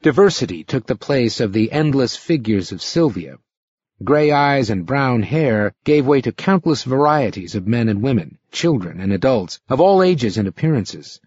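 Man, audiobook narrator, expressive, lively pitch, husky, dry, slightly muffled. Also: moderate pace, dry recording. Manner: expressive, dramatic reading.

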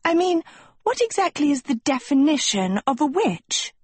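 A woman's voice: high-pitched, sing-song, normal speed, no room sound, pitched above the performer's own voice. A woman doing a vain girl who would be princess. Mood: sweetly coy. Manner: sweetly haughty and scornful.

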